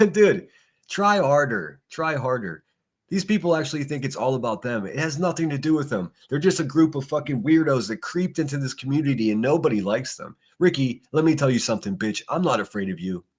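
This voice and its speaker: A man's voice: mid-range voice, expressive, brisk, a little mellow, breathy edge. A man hosting a solo livestream podcast, reacting to clips with mocking, profane sarcasm. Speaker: podcast host.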